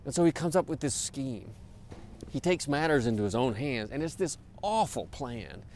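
A man's voice: mid-range voice, sing-song, normal speed, a little mellow, slight background noise. A man, a pastor, preaching a sermon in a conversational, informal way, with many fillers and repeated words.

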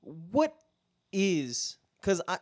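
A man's voice: high-pitched, big pitch swings, extremely slow, no room sound, clean studio sound. A man co-hosting an interview, asking a candid, hesitant question.

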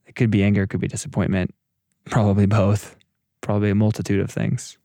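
A man with a fairly low voice reflects on faith in an unhurried conversation. He thinks aloud and sometimes stops to search for the right words. The recording is dry and close. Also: level tone, creaky, dark tone, dry recording. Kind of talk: casual faith discussion.

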